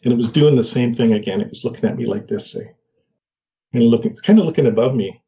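An older man telling a personal story in a halting way, with many fillers and restarts. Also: mid-range voice, dark tone, lo-fi sound. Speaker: guest.

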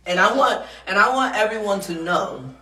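Bright-voiced woman hosting a podcast, roomy studio. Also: medium pitch, normal speed, far from the mic. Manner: animated, laughing often, frank and profane. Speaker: podcast host. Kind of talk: casual podcast chat.

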